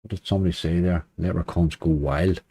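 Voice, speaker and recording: A man's voice: low voice, fairly even intonation, fairly quick, mellow. A man hosting a late-night slots live stream, chatting casually, greeting viewers and laughing often. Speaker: slot streamer.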